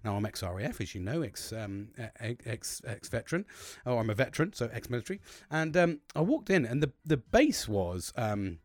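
A man's voice: mid-range voice, very animated, normal speed, no room sound. A British man casually telling a long story about his dreams, swearing constantly and laughing as he goes. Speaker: host recounting his dreams.

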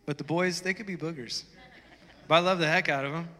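A male preacher with a bright, ringing voice pitched a little high, delivering a casual, conversational sermon. His words hang in the long reverb of a big hall. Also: steady tone, a little fast. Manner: conversational preaching that swells to loud fervent passages. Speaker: pastor.

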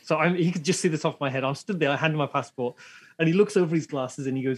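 A man from England tells a story in a relaxed, chatty way, slipping into other people's voices for their lines. His voice sits a little high and has a husky edge to it. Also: fast. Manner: animated anecdote with acted-out voices. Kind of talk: casual storytelling.

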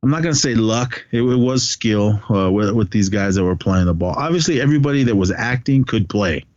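A man co-hosting a podcast in casual movie chat, retelling scenes with lively put-on voices and frequent laughs. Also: fairly low pitch, brisk, dry recording, muffled recording. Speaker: podcast co-host.

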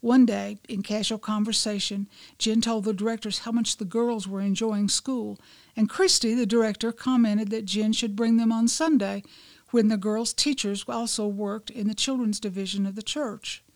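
A woman reading a devotional she wrote, in measured, gentle storytelling with soft hushed passages. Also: mid-range voice, steady tone, no echo. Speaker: devotional writer and presenter.

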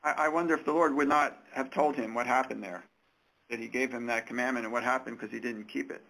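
A man's voice: medium pitch, fairly even intonation, quick pace, gravelly, pushed and bright, rough recording. A man taking part in a Bible study discussion, speaking hesitantly and thoughtfully, stumbling over the starts of sentences. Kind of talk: casual group Bible discussion.

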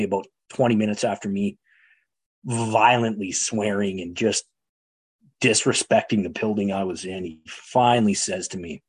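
A man's voice: on the low side, husky. A middle-aged man from Canada telling his recovery story in an earnest, frank way. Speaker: guest speaker sharing recovery story. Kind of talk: personal testimony.

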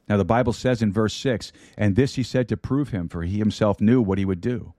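A man's voice: lowish voice, a little fast, few pauses, warm tone, no room sound. A man preaching a sermon into a studio microphone, repeating key lines and dropping in light humor. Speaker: pastor. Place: broadcast studio.

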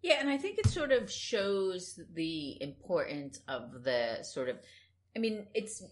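Deep-voiced woman chatting thoughtfully. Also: big pitch swings, a little slow. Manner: thoughtful, rambling, with hedging fillers. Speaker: podcast co-host. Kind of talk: casual comic book discussion.

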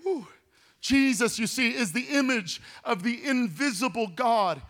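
High-pitched guy pastor preaching hard, shouty and singsongy at times. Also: lively intonation, a little slow. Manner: impassioned preaching, swells into shouts and sing-song cadences. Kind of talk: sermon.

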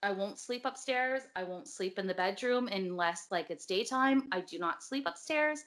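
A woman's voice: mid-range voice, lively intonation, moderate pace, a bit bright. A woman in casual chat, telling her story animatedly with lots of filler words and some swearing. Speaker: guest telling a ghost story.

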